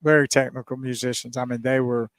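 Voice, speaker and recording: A man co-hosting a radio show, easygoing and quick to laugh. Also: medium pitch, little pitch movement, no room sound, clean studio sound. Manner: laughs often, easygoing reactions. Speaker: radio co-host. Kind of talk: casual radio chat.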